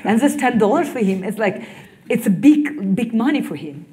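A woman from Ukraine with a Ukrainian accent gives an earnest, halting personal testimony in non-native English to an audience. She pauses often on fillers and grows emphatic when she speaks about resolve. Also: fairly high pitch, expressive, mellow. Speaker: activist and nonprofit director.

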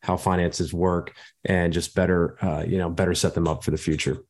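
A man speaking as a panelist in a round table discussion, excited about the topic. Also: low voice, brisk.

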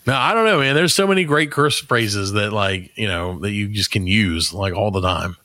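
A man's voice: on the low side, normal speed, sharp tone, dry recording, clean studio sound. A man hosting a comedy podcast, joking around with profanity in casual banter. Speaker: podcast host.

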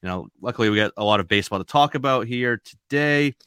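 A man with a New England accent hosting a fantasy baseball podcast in a chatty, relaxed way. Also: medium pitch, quick pace, clear, resonant tone, no echo, clean studio sound. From Maine. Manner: chatty, relaxed, rambling with fillers. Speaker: podcast host. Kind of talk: casual podcast chat.

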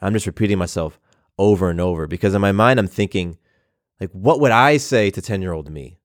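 A man's voice: deep voice, a little fast, no room sound, studio quality. A man in his thirties telling a personal story in a reflective, earnest way, often repeating phrases. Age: 30s.

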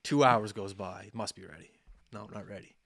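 A podcast co-host in his thirties tells a long story in a fairly low voice, speaking a little fast in a dry, clean studio recording. He's animated in this casual storytelling chat, acting out each side of the conversations.

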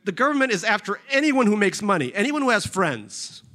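A man's voice: sing-song, a little fast, pushed and bright, exaggerated voice. A man reading a novel aloud, voicing a boastful, self-pitying middle-aged financier with a whiny, indignant delivery. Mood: indignant whine. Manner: whiny and indignant, pitch jumping high.

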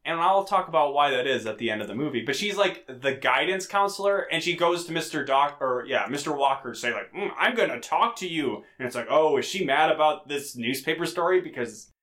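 Guy on a podcast recapping a movie plot, kinda high voice, loose and chatty. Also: lively intonation, fairly bright tone. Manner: rambling, recaps plot with quick asides. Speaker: podcast co-host. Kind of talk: casual movie recap chat.

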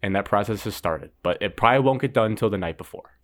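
A man's voice: on the low side, quick pace. A young man hosting a casual podcast, retelling a story in a rambling way full of fillers and restarts. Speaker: podcast host.

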